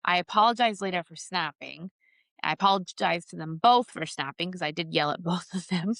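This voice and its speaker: A woman's voice: on the low side, a little fast, fairly bright tone, dry recording. A middle-aged woman hosting a podcast, telling a personal story candidly and with feeling. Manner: candid, emotional, reenacts her own outbursts. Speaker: podcast host.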